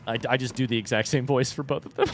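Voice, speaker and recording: A man from the US East Coast with an East Coast accent, giving live commentary while playing a game and thinking out loud as he goes. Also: mid-range voice, fairly even intonation, fast talker, a little hiss or hum. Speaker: streamer.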